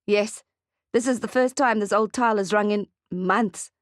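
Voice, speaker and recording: Woman voicing calm detached man, soft-spoken, measured, dry sound. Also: medium pitch, no echo, lightly acted. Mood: serene.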